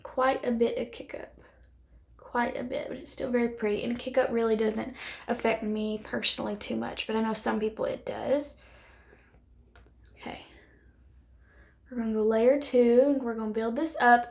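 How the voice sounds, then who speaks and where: A woman's voice: fairly high pitch, steady tone, moderate pace, gravelly. A woman vlogging a casual makeup try-on, chatting candidly to the camera and thinking aloud as she applies it, sometimes dropping to near-whispers. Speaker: beauty vlogger.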